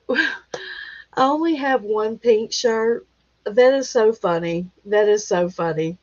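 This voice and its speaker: Middle-aged woman, livestream host, chatty and affectionate, slow unhurried delivery, dry close sound on a dull phone recording. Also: fairly high pitch, darkish tone, no room sound. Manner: chatty and affectionate, laughs often. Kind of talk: casual chat with viewers, reading comments aloud.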